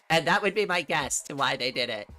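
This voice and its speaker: A woman's voice: sits low, animated, normal speed, pushed and bright, soft background music. A middle-aged woman from New England chatting casually on a livestream from her room, rambling and laughing often. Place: home room.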